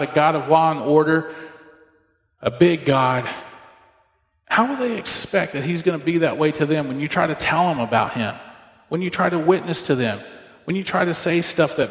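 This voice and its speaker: A male pastor delivering a sermon, storytelling and slipping into little acted voices for the people in his anecdotes. His voice sits a bit high for a man, and it rings out through a roomy hall with a long reverb tail. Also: moderate pace. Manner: storytelling, acts out dialogue with shifting voices.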